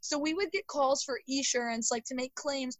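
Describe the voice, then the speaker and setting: A young woman co-hosting a podcast, telling stories in an animated, casual way with frequent laughs and fillers. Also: high-pitched, moderate pace, dry recording, low-quality recording. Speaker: podcast co-host. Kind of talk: casual storytelling chat.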